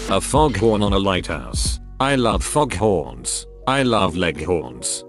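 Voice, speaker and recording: A man narrating forum posts aloud in an even, mechanical read-through, spelling out letters as written. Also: deep voice, slow, faint music behind. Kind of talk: scripted narration.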